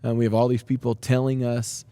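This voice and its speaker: Earnest, energetic man with a mellow voice. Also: medium pitch, fairly quick, creaky, clean tone, no echo. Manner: energetic, earnest, many fillers and restarts. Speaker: high school basketball coach. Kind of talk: podcast interview.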